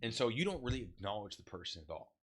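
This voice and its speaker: A man telling a story in a casual, animated way, laughing and swearing as he goes. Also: lowish voice, fast talker, very noisy.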